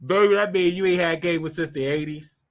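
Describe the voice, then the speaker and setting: An older man hosts his own show, delivering a brash, scolding commentary monologue and stretching out words for emphasis. His voice is fairly high and he talks a little fast.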